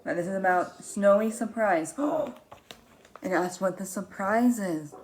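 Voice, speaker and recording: A woman reads a picture book aloud to young children at an unhurried pace. She is animated and expressive, with frequent gasps and drawn-out words. She stops often to ask the children questions. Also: medium pitch, a little hiss or hum. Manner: asks the children questions and pauses for them. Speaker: teacher reading a picture book.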